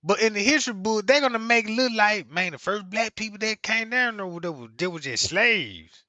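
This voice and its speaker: A man's voice: high-pitched, expressive, moderate pace, sharp tone, no room sound. A man streaming to viewers, ranting in a casual, slangy, emphatic way and repeating himself.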